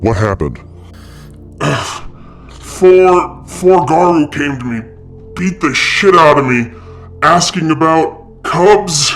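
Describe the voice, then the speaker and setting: A man voicing a beaten, bloodied werewolf man who speaks haltingly and repeats himself. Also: on the high side, expressive, fairly bright tone, faint music behind, exaggerated voice.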